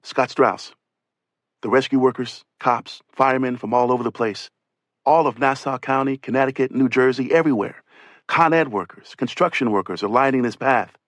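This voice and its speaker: A man's voice: medium pitch, moderate pace, fairly bright tone, no room sound. A man reads an oral history aloud in a conversational first-person voice, as though he were the rescuer himself. His voice sits in an ordinary middle register, recorded close and completely dry. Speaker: audiobook narrator. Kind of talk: oral history audiobook reading.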